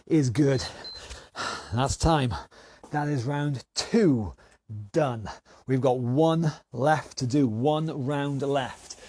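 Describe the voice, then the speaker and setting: A man from the United Kingdom, a fitness instructor leading an online exercise class with energetic counted cues. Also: a little high, slightly rough, dry recording.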